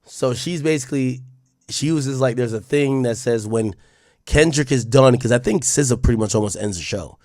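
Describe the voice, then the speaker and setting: Male streamer, mid-pitched, rambling, swears a lot, mutters to himself, close and dry. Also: moderate pace, a little mellow, no echo. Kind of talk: livestream commentary reading posts aloud.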